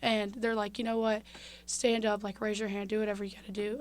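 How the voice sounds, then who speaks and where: A woman's voice: medium pitch, a little fast. A young woman, a podcast guest telling a heartfelt story in casual conversation. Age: young adult. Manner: heartfelt, animated, drops to a hush at tender moments.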